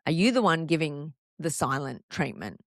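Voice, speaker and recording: A woman hosting a podcast on couples' relationships, calmly explaining and asking the listener one rhetorical question after another. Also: low voice, moderate pace, dry recording, studio quality. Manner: calm, explanatory, reassuring. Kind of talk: solo podcast monologue.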